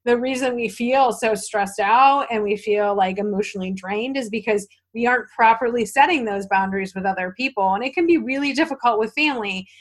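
A woman hosting a podcast interview, talking in a chatty, animated way with quick asides. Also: fairly high pitch. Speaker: podcast host. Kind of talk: casual interview chat.

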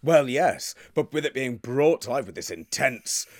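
A man's voice: mid-range voice, expressive, normal speed, dry recording, studio quality. A man from the United Kingdom in casual chat, telling stories with enthusiasm and wandering off on tangents. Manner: enthusiastic, digressive storyteller.

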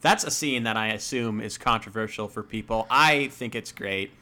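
A man co-hosting a casual movie chat, excitable and quick to laugh. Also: fairly low pitch.

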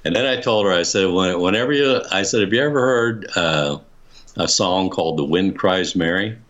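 An older man with a very deep voice tells a personal story in a relaxed, rambling way. He restarts his sentences often and chuckles as he goes. The recording sounds dull and lo-fi. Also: moderate pace. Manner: rambling, many restarts, chuckles while telling. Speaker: interviewee. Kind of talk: casual storytelling.

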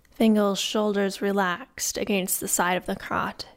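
A woman narrating a fantasy novel in a measured, even reading. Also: medium pitch, creaky. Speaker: audiobook narrator. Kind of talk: scripted narration.

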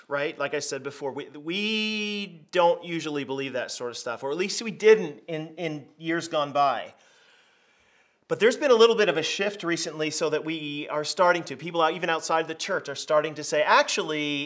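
A middle-aged man preaching a conversational sermon, telling stories in a lively, plain-spoken way. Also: on the high side. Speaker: pastor.

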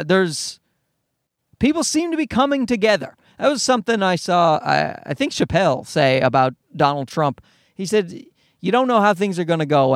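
A middle-aged man hosts a solo podcast, drifting from tangent to tangent with plenty of fillers and casual swearing. His voice sits a little high for a man. The recording is dry and close, with no room sound. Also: dry recording. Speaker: podcast host.

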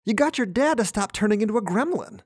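A man's voice: sits high, lively intonation, fast talker, breathy edge, no echo, clean studio sound. A man hosting a children's audio show, friendly and encouraging, speaking straight to the young listeners. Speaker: host.

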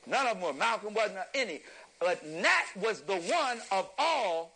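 A man giving an impassioned lecture to an audience, preacherly and emphatic, rising at times to a shout and chuckling through his points. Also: high voice, very animated, measured pace, gravelly, rough recording.

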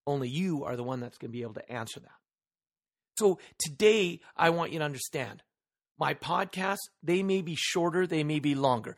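A man hosts a solo motivational podcast, talking straight into his microphone with earnest emphasis. His voice sits a little high for a man. He poses one rhetorical question after another to the listener. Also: lively intonation, moderate pace. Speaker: podcast host.

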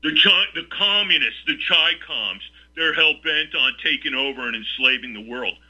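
A man's voice: a little high, animated, normal speed, sharp tone, husky. A man hosting a talk radio show, ranting combatively and firing off rhetorical questions. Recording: lo-fi radio sound.

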